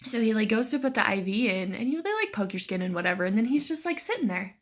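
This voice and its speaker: A woman's voice: fairly high pitch, big pitch swings, fast talker. A young woman tells a story to the camera in a casual vlog, chatty and sarcastic, filling her talk with "like". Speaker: cancer patient vlogger.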